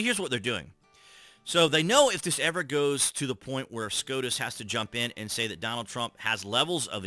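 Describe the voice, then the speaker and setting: A man talks through the news in a casual commentary style, reading from articles and breaking off to react with scornful laughs. His voice is bright and forceful at a middle pitch. The sound is dry, with faint music underneath. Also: dry recording. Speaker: political commentary host.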